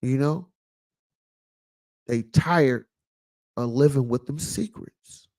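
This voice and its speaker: A man's voice: mid-range voice, takes it slowly, vocal fry, darkish tone. A man giving a casual, preachy commentary monologue, repeating lines for emphasis and dropping in lots of fillers. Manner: loose casual speech with many fillers. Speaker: vlog host.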